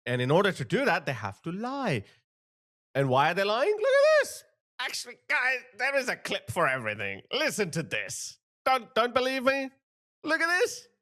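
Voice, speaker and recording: A high-pitched man delivers political commentary with a wildly lively voice that leaps up and down. He is sarcastic and emphatic, pressing each point hard. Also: normal speed. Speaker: host.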